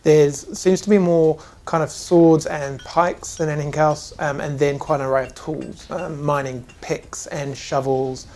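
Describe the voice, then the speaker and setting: A man's voice: a little high, steady tone, unhurried, few pauses, darkish tone. A man narrating a tabletop game as game master, hesitant and full of filler words. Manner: hesitant, full of ums and kind-ofs.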